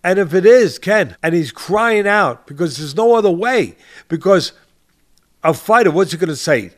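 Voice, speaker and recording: A man's voice: sits high, expressive, moderate pace. An older man hosting a boxing podcast, talking with passion and stressing his points by repeating phrases. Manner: emphatic, repeats phrases for stress, addresses co-host by name. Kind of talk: impassioned podcast commentary.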